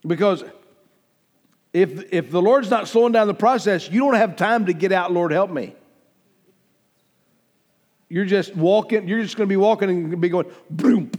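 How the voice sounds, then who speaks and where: A man's voice: high-pitched, normal speed, pauses often, a little mellow, in a large hall. A man pastor preaching a sermon emphatically, swelling and dropping his volume and acting out the lines he quotes.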